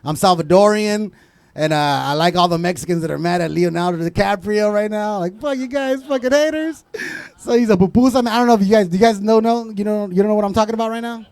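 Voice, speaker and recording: A young man from Southern California doing a stand-up comedy set with loud, crude crowd work and Spanish asides. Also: high-pitched, quick pace, clean tone.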